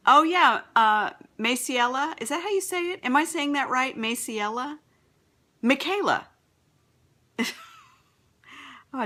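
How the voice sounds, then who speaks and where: A woman's voice: medium pitch, bright, forceful tone. A middle-aged woman with a Texan accent, a business coach chatting upbeat on a live broadcast and greeting viewers, stumbling over names.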